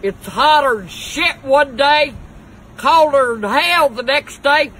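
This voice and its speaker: A woman's voice: high-pitched, takes it slowly, a bit bright, rough recording. An older woman, ranting in a foul-mouthed, cranky way through mock news and weather reports outdoors on a balcony. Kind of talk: profane comic rant to camera.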